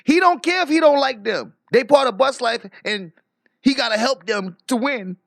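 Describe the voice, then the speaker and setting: A man hosting a livestream, reading out donor messages and reacting with profane, animated commentary. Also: very high-pitched, moderate pace, gravelly, dry recording, clean studio sound. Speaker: livestream host.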